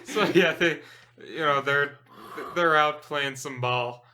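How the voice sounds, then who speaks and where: A man's voice: a little high, slow, pushed and bright, a little hiss or hum. A man co-hosting a podcast in casual chat, laid-back, steering the recap back to the story. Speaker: podcast co-host.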